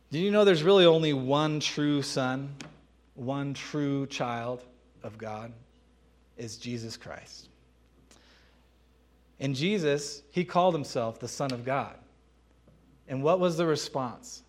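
A man preaching a sermon, emphatic and conversational, often asking rhetorical questions and laughing between points. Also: mid-range voice.

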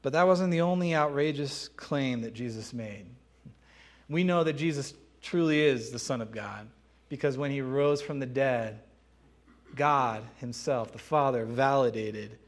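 A man preaching a sermon with a mid-range voice. He talks in a conversational, emphatic way, tossing rhetorical questions at his listeners and laughing lightly between points. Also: medium pitch.

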